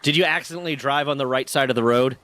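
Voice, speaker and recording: A man hosting a casual stream, chatting with a co-host and reading chat aloud, joking and rambling with quick asides. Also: medium pitch, fairly bright tone.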